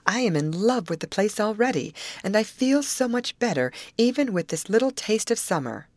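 A woman's voice: medium pitch, very animated, moderate pace, no echo, pitched above the performer's own voice. A woman reading aloud, voicing a gracious middle-aged lady who speaks in a gushing way. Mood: delighted.

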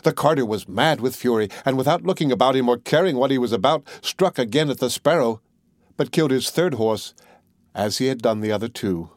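A man reads a classic fairy tale aloud as an audiobook narrator. His delivery is measured and even, in a mid-pitched voice. The recording is dry and close, with no room sound. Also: no room sound. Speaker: audiobook reader. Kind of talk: storybook narration.

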